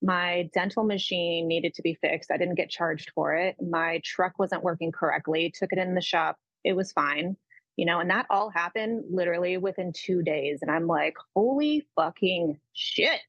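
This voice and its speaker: A woman's voice: fairly low pitch, steady tone, moderate pace, a bit bright, no echo, dull audio. A woman co-hosting a podcast, telling frank personal stories in a casual, upbeat, sweary way. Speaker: podcast co-host.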